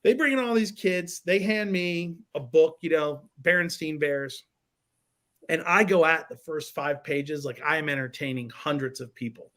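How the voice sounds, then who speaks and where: A man's voice: fairly high pitch, normal speed, fairly bright tone. A man guest on a podcast, animatedly telling a funny story with a laugh in his voice. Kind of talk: casual storytelling.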